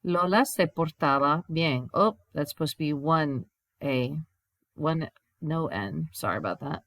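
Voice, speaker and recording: Low-voiced woman teaching a grammar lesson. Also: unhurried, fairly bright tone, no echo. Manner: explains step by step, reads examples in Spanish then English. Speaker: Spanish teacher. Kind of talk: recorded grammar lesson over slides.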